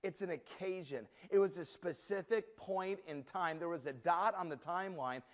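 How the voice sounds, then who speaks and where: A man's voice: high-pitched, moderate pace. A man pastor giving a sermon, telling humorous stories and acting out the scenes. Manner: humorous storytelling, lively acted asides.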